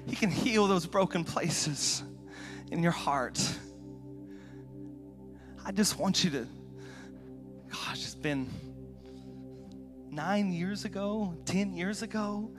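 A middle-aged man delivers a heartfelt sermon in a high voice. He tells his story in hushed tones, then builds to impassioned shouts. Faint music plays underneath. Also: slow, long pauses. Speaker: guest preacher.

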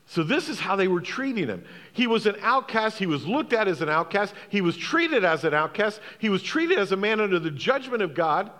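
A man's voice: sits high, sing-song, brisk, few pauses, a bit bright, long reverb tail. A man, a pastor, preaching a sermon, emphatic, asking the congregation questions and repeating key phrases.

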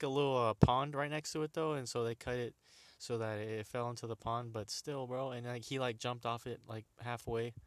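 A man's voice: medium pitch, no echo. A young man casually retelling funny videos, rambling with restarts, laughing often and using plenty of slang. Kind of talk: casual storytelling chat.

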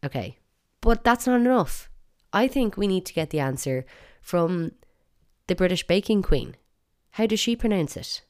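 A woman's voice: fairly low pitch, animated, moderate pace. An Irish woman hosting a solo podcast, chatty and opinionated with playful emphasis. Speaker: podcast host.

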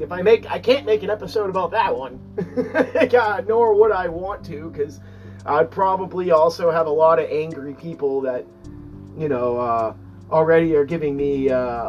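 Rambling young man from Massachusetts. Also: on the high side. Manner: rambling, many fillers, swears, animated when quoting. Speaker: podcast host. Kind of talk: casual storytelling monologue. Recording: distant mic, dull lo-fi sound, faint music behind.

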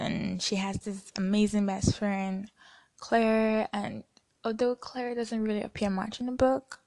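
A young woman talks through a favorite book in a relaxed podcast chat. She gushes as she goes and keeps dropping into quick quoted lines while she retells the scenes. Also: mid-range voice. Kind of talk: casual book review chat.

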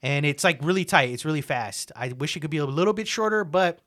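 A man's voice: fairly high pitch, animated, quick pace, a bit bright. A young man hosting a podcast, chatting casually, rambling with lots of filler words and swearing. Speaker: podcast host. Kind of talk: casual chat.

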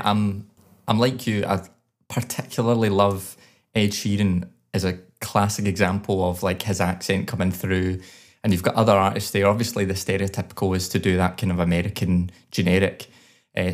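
A man co-hosting a podcast, giving enthusiastic, detailed feedback on a song in a casual chat. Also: deep voice. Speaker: podcast co-host. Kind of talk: casual chat reviewing songs.

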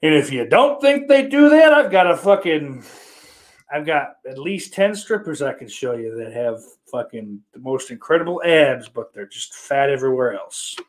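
Brief: male podcast host, lively pitch, foul-mouthed and sarcastic, loud one moment and muttering the next. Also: normal speed. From Irish heritage. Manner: profane, sarcastic, with big swings in loudness. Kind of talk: casual chat reading viewer comments.

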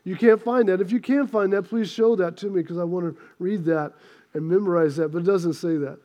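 A pastor giving a sermon in church, telling stories with humor and getting the congregation to respond. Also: male voice, high voice, a little fast. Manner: storytelling, lively and joking, asks the congregation to respond. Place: church sanctuary.

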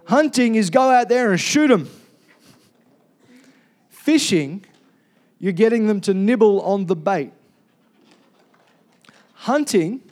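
High-voiced pastor preaching. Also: male voice, a little mellow. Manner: casual, jokey, calls for amens. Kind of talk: sermon.

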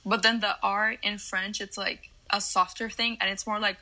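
Bright young woman explaining earnestly. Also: mid-range voice, little pitch movement, moderate pace, poor audio. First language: Spanish. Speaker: podcast co-host. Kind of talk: casual chat.

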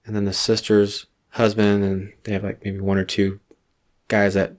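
A man's voice: fairly low pitch, monotone, moderate pace. A man from New Jersey co-hosting a podcast in loose, profane banter, often slipping into comic bits. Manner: profane, riffs into bits playing cops. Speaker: podcast co-host. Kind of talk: casual comedic banter.

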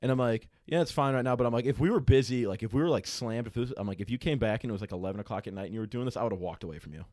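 A man's voice: medium pitch, racing, hardly any pauses, a little mellow, no echo, clean studio sound. A young man casually telling a rambling, profanity-laden story as a podcast co-host, with many restarts. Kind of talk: casual chat.

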